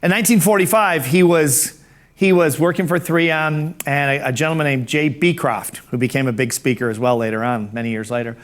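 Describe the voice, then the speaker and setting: A man's voice: a little high, brisk. A middle-aged man teaching a speaking course, telling anecdotes in a conversational way that often repeats words and restarts phrases.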